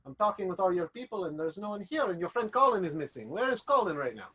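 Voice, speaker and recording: Man doing an old French-accented vampire boss, cold and slow, bright edge, tabletop game. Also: high-pitched, very animated, breathy edge, exaggerated voice. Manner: slow, measured, condescending.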